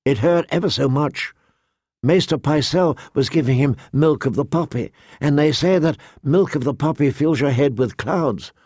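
A man's voice: on the high side, normal speed, darkish tone, slightly rough, no echo, studio quality. A man voicing an earnest, naive teenage noble girl pleading for mercy in an audiobook reading. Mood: eager.

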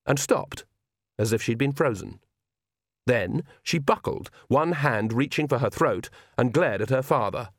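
Lively male audiobook narrator. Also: mid-range voice, unhurried, dry recording, studio quality. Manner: lively, expressive storytelling. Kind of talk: scripted narration.

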